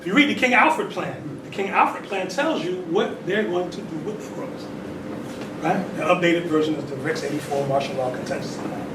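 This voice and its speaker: A man's voice: on the high side, moderate pace. A man giving a call-and-response religious talk, conversational and full of "right?" tag questions. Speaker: temple leader giving a talk. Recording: echoey distant room recording with noise.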